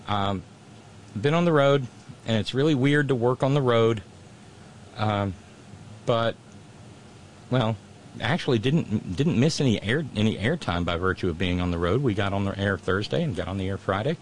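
A male radio host talks straight to his listeners in a loose, meandering way, circling back and restarting his sentences. His voice sits on the low side. A faint hum of room noise runs under him. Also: normal speed. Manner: rambling, many restarts and fillers. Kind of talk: casual monologue to listeners.

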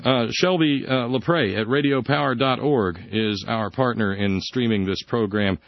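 A sarcastic male radio host delivering a satirical monologue. His voice sits at a middling pitch. The sound is dull, lo-fi and dry, from a studio. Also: measured pace, no room sound. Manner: sarcastic, jumps into high mocking tones. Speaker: radio talk show host.

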